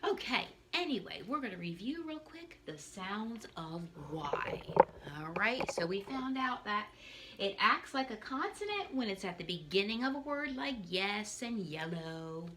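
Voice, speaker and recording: A woman teacher giving a phonics lesson for young children from her living room, in an animated, sing-song way with playful asides. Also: mid-range voice, measured pace, noisy background. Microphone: camera on a stand.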